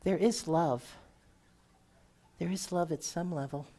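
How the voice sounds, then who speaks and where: Woman, middle-aged, guest minister, conversational sermon, slightly low voice, asks the congregation questions. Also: takes it slowly. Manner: warm conversational preaching with audience questions.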